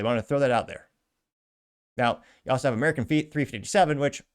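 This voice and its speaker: Reading viewer comments one by one on his show, a male host follows each with wry, offhand remarks and chuckles. He speaks conversationally at an ordinary pitch.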